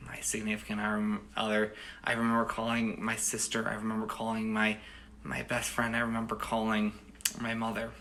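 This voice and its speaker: Gravelly man telling a rambling story. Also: on the low side, bright, forceful tone. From United States. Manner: rambling, with frequent restarts and "you know". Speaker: storyteller and host. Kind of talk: casual spoken storytelling.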